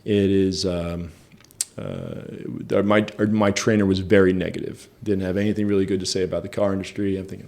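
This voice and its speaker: A man's voice: low voice, animated, normal speed, creaky, a little mellow. A man telling a story in a casual interview, chatty and self-deprecating. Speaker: interview guest.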